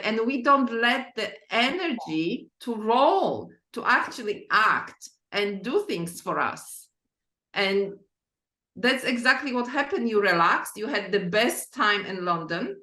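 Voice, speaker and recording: Bright-voiced woman telling stories, echoey room. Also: fairly high pitch, expressive, a little slow. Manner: earnest, non-native phrasing, tells anecdotes. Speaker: guest, author and practitioner. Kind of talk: casual conversation, storytelling.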